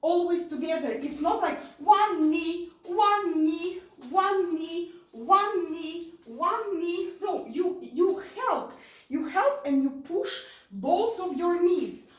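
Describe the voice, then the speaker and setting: A woman's voice: very high voice, animated, slow. A woman teaching an online dance lesson, counting beats aloud and repeating her cues. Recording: roomy sound from far off.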